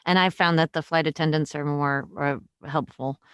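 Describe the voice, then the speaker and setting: A woman co-hosting a casual chat podcast, agreeable and quick to back up the other host. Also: low voice, fairly even intonation, fairly bright tone, smooth, dry recording, clean studio sound.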